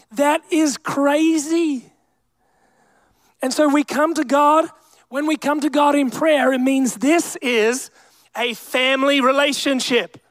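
A man's voice: very high voice, fairly bright tone, no echo. A young man preaching a sermon with emphatic delivery, calling out to the congregation. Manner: emphatic preaching with crowd call-outs. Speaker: pastor.

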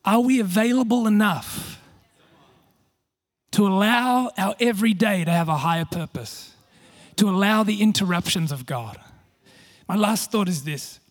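A man's voice: sits high, unhurried, pauses often. A man preaching a sermon, telling a story with self-deprecating humour and frequent restarts. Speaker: pastor.

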